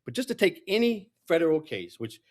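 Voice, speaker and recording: A man's voice: fairly high pitch, very animated, fairly quick. Middle-aged man, casual storytelling monologue, candid, rambling, quotes others in their voices. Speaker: political candidate.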